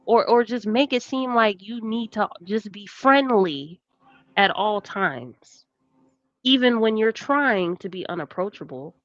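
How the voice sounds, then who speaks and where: A woman's voice: mid-range voice, animated, unhurried, a bit bright, no room sound, muffled recording. A woman in a heated casual debate, pointed and trying to steer the talk. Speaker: panelist.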